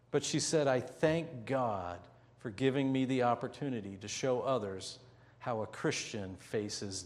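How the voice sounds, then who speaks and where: A man preaching a sermon as pastor, telling a story vividly and slowing down to stress key points. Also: medium pitch, big-room sound. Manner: vivid storytelling with slow, drawn-out emphasis.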